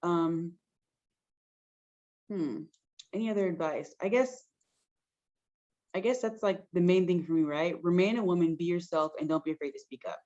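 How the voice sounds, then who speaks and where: A woman's voice: lowish voice, normal speed, long pauses, warm tone. Frank chatty woman on a lo-fi call. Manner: frank, chatty, lots of likes and um. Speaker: pharmacist, guest speaker. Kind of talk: casual advice-giving interview.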